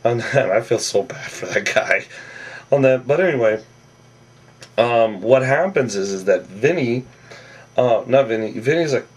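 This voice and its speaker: A man giving a casual, rambling episode recap, often tacking on "on that" and acting out quoted lines in a higher, louder voice. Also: expressive, a little slow, long pauses, husky, far from the mic. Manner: rambling, with a habit of "on that". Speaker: reality TV recap vlogger.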